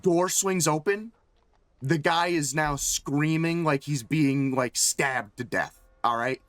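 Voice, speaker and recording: A man's voice: on the high side, takes it slowly, a bit bright, dry recording. A male streamer telling a casual, rambling story full of swearing and fillers. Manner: rambling, profane, lots of fillers.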